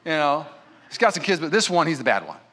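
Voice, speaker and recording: A male pastor preaches to a congregation in an emphatic, conversational way, weaving in stories. His voice is bright and forceful, sitting a little high for a man, and he talks to the room as if to friends. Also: very animated, fast. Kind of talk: sermon. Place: church in front of a congregation.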